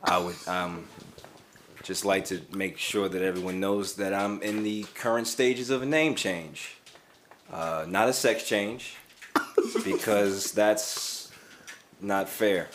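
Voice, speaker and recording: A man's voice: sits low, slow pace, slight background noise. A man, a guest on a casual podcast, talking in a wry, self-mocking way with formal wording and frequent laughs. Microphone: chewing candy near the mic.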